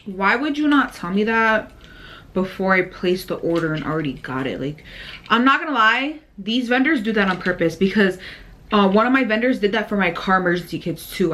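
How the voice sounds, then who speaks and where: A woman's voice: on the high side, moderate pace. Chatty young woman vlogging. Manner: chatty and animated, lots of fillers. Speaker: vlogger and small business owner. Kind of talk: casual chat to camera.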